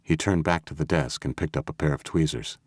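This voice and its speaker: Very deep-voiced male narrator. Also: a little fast, no room sound. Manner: steady, even storytelling. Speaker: audiobook narrator. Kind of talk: scripted narration. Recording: dry close studio audio.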